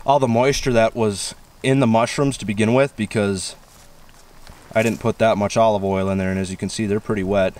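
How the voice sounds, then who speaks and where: A man's voice: lowish voice, steady tone, fairly quick, darkish tone. Chatty outdoorsman, distant mic. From US Midwest. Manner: folksy, chatty, enthusiastic. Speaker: outdoor show host. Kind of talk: casual outdoor cooking vlog. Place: outdoors near woods.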